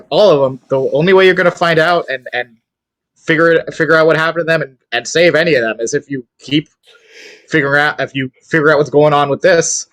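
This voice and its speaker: A man's voice: on the high side, a bit bright, no echo. A man playing a tabletop game, often stammering and restarting. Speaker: player. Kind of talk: casual tabletop play.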